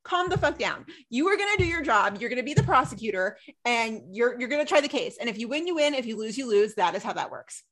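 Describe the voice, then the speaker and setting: A woman's voice: a little high, very animated, fast talker, hardly any pauses, fairly bright tone. A woman co-hosting a podcast, recapping a TV episode in casual chat, ranting emphatically and swearing freely.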